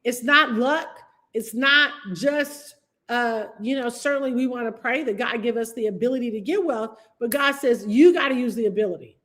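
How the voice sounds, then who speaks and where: A woman's voice: on the high side, moderate pace, sharp tone. A woman teaching real estate investing on a live stream, emphatic and repetitive, calling on viewers by name. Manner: emphatic, repeats key phrases, addresses viewers by name.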